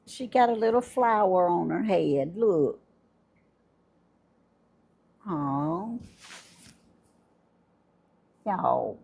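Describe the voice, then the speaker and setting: Husky woman chatting with viewers. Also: fairly low pitch, animated, very slow, long pauses, dark tone. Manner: chatty, effusive, laughs often, talks to viewers. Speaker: livestream host. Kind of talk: casual live chat unboxing gifts.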